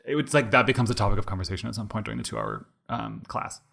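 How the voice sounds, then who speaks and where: A gravelly, fairly low-pitched man in his twenties talks very fast as a podcast co-host. In casual chat he spins a rambling, animated story, saying "like" constantly.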